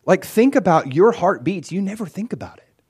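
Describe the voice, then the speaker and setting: A man preaching a sermon in an animated way, acting out quoted voices as he retells stories. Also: high-pitched, moderate pace, slightly rough. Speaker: pastor.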